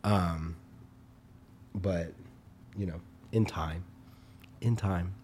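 A man's voice: low-pitched, very slow, a little mellow, a little hiss or hum. A young man co-hosting a podcast, chatty and easily amused. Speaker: podcast co-host. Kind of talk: casual chat.

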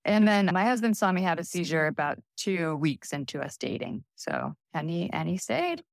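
Candid low-voiced woman telling stories. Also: normal speed, vocal fry, no echo. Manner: anecdotal storytelling, relaxed and candid. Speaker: guest author. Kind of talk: casual interview chat.

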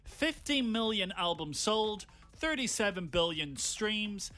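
A man's voice: high-pitched, sing-song, takes it slowly, pushed and bright, soft background music. A man hosting a radio show, announcing a giveaway in a playful, showy way. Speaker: radio host. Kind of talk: casual radio chat.

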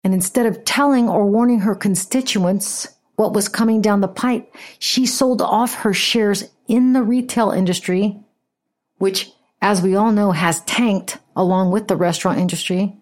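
A woman's voice: medium pitch, unhurried. A woman hosting a podcast, giving casual, sarcastic political commentary with frequent swearing. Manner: sarcastic, profane, animated. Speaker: podcast host.

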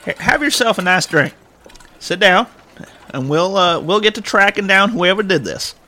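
A man's voice: sits high, animated, normal speed, bright, forceful tone. A man player in a tabletop role-play, joking and placating in character.

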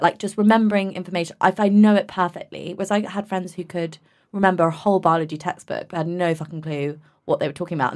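A woman hosting a podcast, talking casually and quickly with strong opinions and some swearing. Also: on the low side. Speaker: podcast host.

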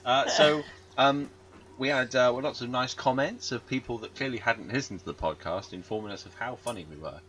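A man's voice: mid-range voice, fairly quick, fairly bright tone. A man co-hosting a podcast with dry, teasing humor. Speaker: podcast co-host. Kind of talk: casual chat.

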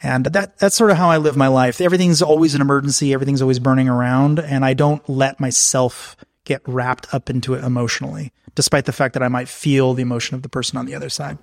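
A frank man telling stories as a podcast guest, slipping into the voices of the people he quotes. His pitch sits mid-range, and the sound is dry and close, with no room around it. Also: steady tone, quick pace, vocal fry, few pauses, no echo. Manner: frank, anecdotal, acts out quoted exchanges. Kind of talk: candid conversational storytelling.

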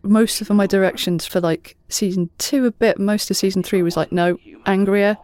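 A Welsh-accented woman and voice actor, chatting and reminiscing in an animated way. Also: mid-range voice, moderate pace. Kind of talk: casual reminiscing chat.

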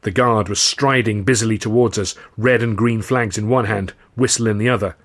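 A man, the author, reading his novel aloud in measured, dry first-person narration. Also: lowish voice, fairly even intonation, a bit bright.

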